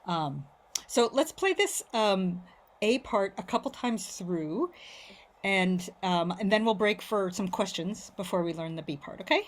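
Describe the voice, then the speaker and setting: A woman's voice: mid-range voice, animated, unhurried. A woman teaching Irish mandolin tunes in an online class, casually explaining phrasing, often checking in with "right?". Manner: casual, explains with sung syllables and frequent "right?". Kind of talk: online music lesson. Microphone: video call. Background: mandolin playing.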